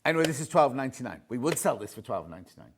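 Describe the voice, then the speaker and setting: A man's voice: mid-range voice, sing-song, rapid-fire, a little hiss or hum. A British man presenting on a live shopping channel, chatty and jokey, repeating prices as he shows products. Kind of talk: live TV sales pitch. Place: TV studio.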